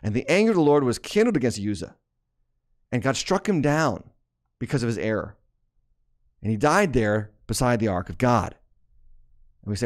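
A man's voice: mid-range voice, sing-song, normal speed, long pauses. A man preaching a sermon as pastor, reading scripture aloud and explaining it with frequent restarts and rising emphasis.

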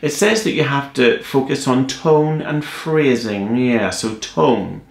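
A man's voice: mid-range voice, expressive, slow pace, creaky, echoey room. A man teaching a cello piece in a playful, joking, encouraging way. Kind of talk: music tutorial.

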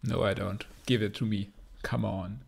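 A man's voice: on the low side, steady tone, normal speed, gravelly, a little hiss or hum. A man streaming a game with casual commentary and dry, sarcastic asides.

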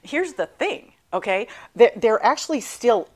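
A middle-aged woman and cancer survivor telling her own story in a class talk, animated and self-deprecating, laughing often. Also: fairly high pitch, a little slow.

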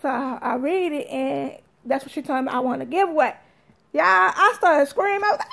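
A woman tells her viewers a story, animated and talkative, calling them y'all. Her voice sits high for a woman. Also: normal speed, gravelly. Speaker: vlogger.

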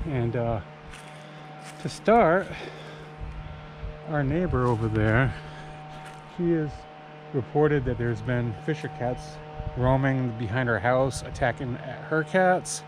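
A man's voice: medium pitch, takes it slowly, long pauses, noisy background. A man casually vlogging outdoors in a backyard, talking in a laid-back, rambling way. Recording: clear music under the voice.

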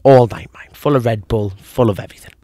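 A man co-hosting a podcast, telling a long joke in a lively, repetitive way. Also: mid-range voice, fairly quick, dry recording, studio quality. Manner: animated storyteller, repeats himself, acts out voices. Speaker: podcast co-host.

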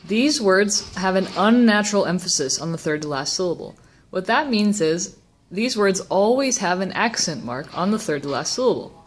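A woman explaining a language lesson, slowing down to pronounce example words with care. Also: lowish voice. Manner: slow, deliberate pronunciation of example words. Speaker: Spanish teacher.

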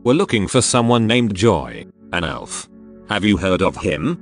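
A man's voice: on the low side, lively intonation, a little slow, faint music behind. A male computer voice reading a nervous young runner.

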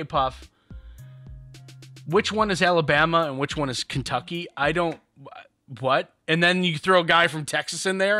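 Male podcast co-host, slightly high voice, casual and rambling, soft music bed. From Buffalo area, New York. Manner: loose, rambling, many fillers. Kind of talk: casual chat.

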